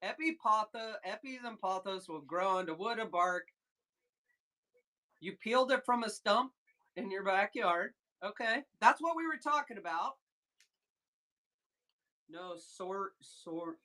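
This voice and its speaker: A woman hosting a casual live sales stream, chatting excitedly with viewers and reading their comments aloud. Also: mid-range voice, a little slow, long pauses. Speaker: livestream seller host. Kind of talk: casual livestream chat with viewers.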